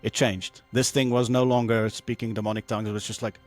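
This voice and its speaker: A man guest on a podcast telling a personal testimony in an animated way, acting out the voices he quotes, with many fillers and restarts. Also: fairly low pitch, a little fast, soft background music.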